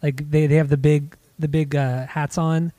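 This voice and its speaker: A man's voice: on the high side, little pitch movement, normal speed, warm tone, dry recording. A man chatting casually about records he bought, easygoing and a little hesitant, swearing now and then. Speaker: podcast co-host. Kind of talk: casual chat about vinyl finds.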